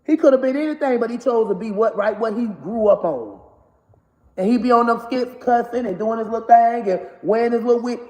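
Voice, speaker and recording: A woman's voice: on the high side, fairly quick, a little mellow. A woman in her forties, a comedian and mother, talking bluntly and profanely in a candid monologue and laughing as she scolds. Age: 40s. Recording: echoey room with long reverb.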